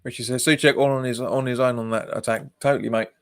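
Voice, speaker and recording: Talking fast in a medium-pitched, steady voice, a man hosts a fan channel's live football watch-along. He reacts to the match, reads viewer comments out and answers them, laughing often. There's no room sound, and the audio is studio quality.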